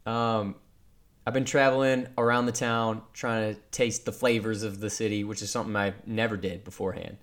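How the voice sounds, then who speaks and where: A man's voice: on the low side, level tone, moderate pace, a bit bright. A man co-hosting a casual podcast chat, rambling and teasing his friend, with frequent swearing. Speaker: podcast co-host.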